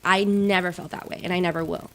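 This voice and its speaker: A woman's voice: fairly low pitch, quick pace. A woman guest on a podcast, telling a personal story in casual chat with lots of "like" and "right?". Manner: animated storyteller, many "like" and "right?".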